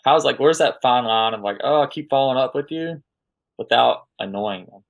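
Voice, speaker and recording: A man co-hosting a casual podcast chat, relaxed and full of fillers. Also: medium pitch, normal speed, vocal fry, muffled recording. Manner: relaxed, filler-heavy, lots of "like".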